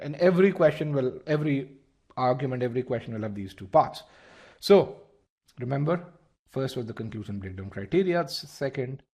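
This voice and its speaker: Man teaching a live webinar. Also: mid-range voice. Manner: asks the audience questions and repeats key points; restarts phrases often. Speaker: test-prep instructor.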